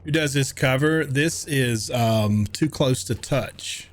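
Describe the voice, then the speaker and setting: A man's voice: medium pitch, slow. A man from New York streaming a game live, chatting casually with viewers, reading their messages aloud and swearing offhandedly. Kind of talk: casual live-stream chat while gaming.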